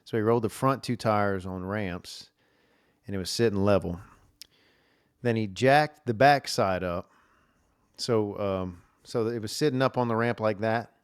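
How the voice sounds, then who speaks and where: This podcast host has a fairly low, clear and resonant voice with fairly even intonation and a normal speed. Recorded on a desk camera, the sound is clean and studio-like with no room sound, as he rambles through stories in a casual solo monologue packed with fillers and restarts.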